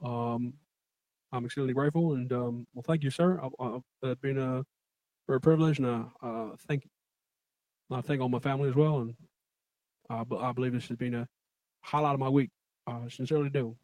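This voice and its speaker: A man's voice: mid-range voice, fairly even intonation, a little fast, a little mellow, no echo, lightly acted. Man doing a laid-back drawling movie star. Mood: smug.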